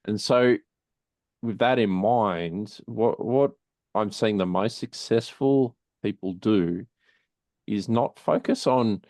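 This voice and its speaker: Deep-voiced man giving measured advice. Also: darkish tone, no echo. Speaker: panelist. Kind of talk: casual panel discussion.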